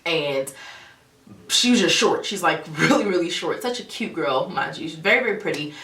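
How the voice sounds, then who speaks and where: A young woman vlogger telling a dramatic story in a casual, animated way. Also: fairly low pitch, normal speed. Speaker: beauty vlogger. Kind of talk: storytime vlog. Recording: roomy echo, a bit far from the mic.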